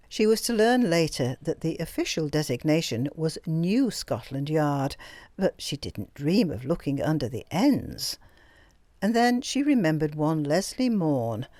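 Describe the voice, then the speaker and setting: Expressive woman narrating an audiobook. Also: low voice, dry recording. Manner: expressive, storytelling. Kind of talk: scripted narration.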